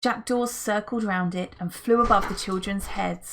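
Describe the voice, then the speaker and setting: A woman's voice: medium pitch, steady tone, moderate pace, a little hiss or hum. A woman reading a children's adventure book aloud as a narrator, telling the story expressively. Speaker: audiobook reader.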